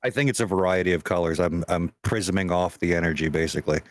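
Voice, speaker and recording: A man player at a tabletop game slowly and thoughtfully describes what his character does. His voice is very deep, and the sound is dry and close. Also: no echo. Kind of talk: casual tabletop role-play.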